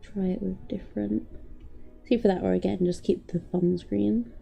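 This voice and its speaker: A woman's voice: medium pitch, fairly even intonation, moderate pace, vocal fry, mellow, lo-fi sound. A woman streaming while she draws, thinking aloud, humming and laughing at her own puns, in casual live-stream chat. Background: faint music.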